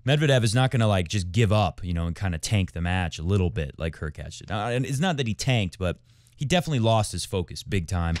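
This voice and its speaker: A man's voice: sits low, expressive, fast, no room sound. Man, tennis show host, casual commentary, rambling and chatty, dry close sound. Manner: rambling, chatty, jumps between tangents. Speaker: tennis podcast host and tennis coach.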